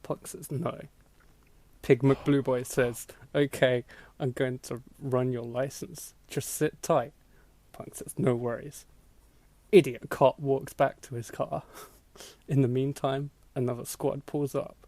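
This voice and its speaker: Male podcast host, mid pitch, dry close mic, reads a story aloud for laughs and cracks up often. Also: steady tone, takes it slowly, warm tone, no room sound. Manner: laughing through a mocking read, acting out voices. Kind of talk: comedic dramatic reading of an old blog post.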